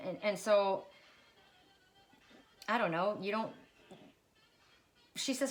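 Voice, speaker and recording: A woman's voice: medium pitch, slow pace, pauses often, soft background music. Chatty woman retelling a fairy tale. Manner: chatty storytelling with many restarts and asides. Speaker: tarot reader. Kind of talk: casual spoken card reading.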